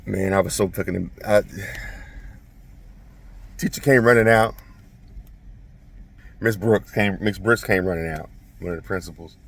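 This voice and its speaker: A low, gravelly male voice with a husky edge tells a story to camera in a loose, profane, self-mocking way. His pitch swings widely as he gets into it. He sits a little back from the mic, so the voice sounds slightly distant. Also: fairly even intonation, unhurried, pauses often. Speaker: vlogger telling a childhood story.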